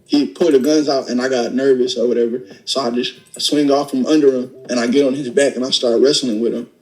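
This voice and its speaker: On a low-quality recording, a young man talks fast in a mid-range voice as he recounts a robbery in casual storytelling. He performs the lines of dialogue himself, lively and blunt, with plenty of profanity.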